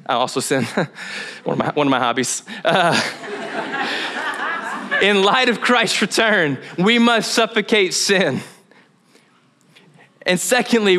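A man's voice: a little high, pushed and bright. A young man preaching as a pastor, telling a funny, self-mocking story from his week, acting out his own inner dialogue with laughs along the way. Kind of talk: sermon. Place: church.

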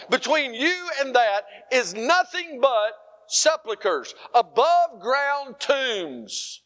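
A middle-aged male pastor delivers an animated sermon in a high-sitting voice, shifting between loud, emphatic lines and softer, quieter passages.

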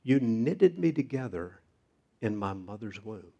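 A man with a low, gravelly voice delivers a sermon. His tone is husky, and he reads scripture in a measured, steady way. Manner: measured preaching, reading scripture aloud. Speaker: pastor.

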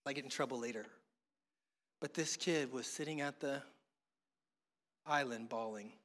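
A man's voice: mid-range voice, normal speed, fairly bright tone, big-room sound. A middle-aged man from the United States preaching a sermon in a conversational way, weaving in humorous family stories. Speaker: pastor.

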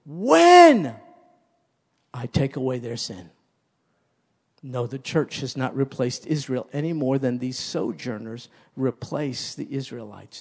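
A man's voice: medium pitch, creaky, a little mellow, breathy edge. A man preaching a sermon as pastor, emphatic and repeating key phrases for stress.

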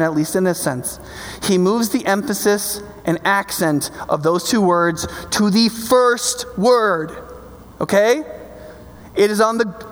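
A male pastor preaching a sermon, talking conversationally, checking in with his listeners, and building to passionate, emphatic peaks. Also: sits high. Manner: builds to passionate, loud climaxes. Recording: long reverb of a large hall.

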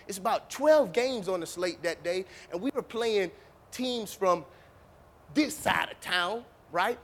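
A high-voiced man with a breathy edge tells a story to an audience in a relaxed, chatty way. He keeps the storytelling animated, punctuating it with punchy vocal sound effects and lots of casual fillers.

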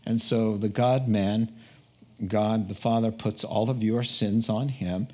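Male pastor, sermon delivery, casual and animated, storytelling tone. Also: fairly low pitch, slow pace. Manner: conversational, animated storytelling preaching.

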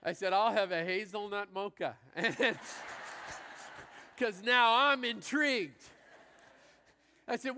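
A man preaching as a pastor, telling a story in an energetic, chatty, self-deprecating way. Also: sits high, takes it slowly, long pauses. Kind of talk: sermon with storytelling. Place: large church hall. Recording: church hall reverb.

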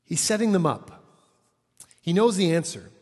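A male preacher who gives his sermon in a loose, conversational style, his voice pitched a little high for a man. He acts out the quoted lines with animated energy. A long reverb trails behind his words. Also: normal speed, slightly rough.

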